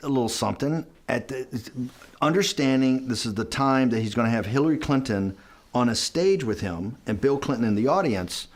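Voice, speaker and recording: A man's voice: mid-range voice, normal speed. A man being interviewed, telling a long story in a loose, rambling way, often restarting and acting out what people said. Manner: rambling, animated, restarts and acts out quoted dialogue. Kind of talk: conversational storytelling.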